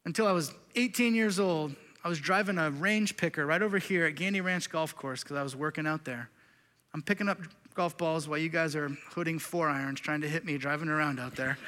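A middle-aged pastor's sermon fills a big-sounding church sanctuary, his voice a little high and a little fast. Earnest and confessional, he swings between loud emphasis and hushed intensity.

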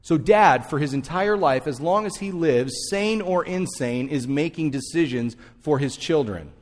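A man's voice: on the high side, animated, moderate pace. A man preaches in a slightly raised voice, speaking straight to his congregation as if in conversation. He drives points home by repeating key phrases. The sound carries the long reverb of a church hall. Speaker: pastor. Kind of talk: sermon.

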